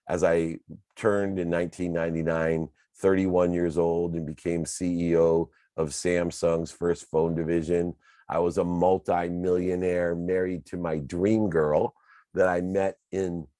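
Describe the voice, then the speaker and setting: A man's voice: low voice, dark tone, no echo. A man in his fifties giving a motivational talk, telling his own story in an earnest, confessional way. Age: 50s. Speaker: motivational speaker.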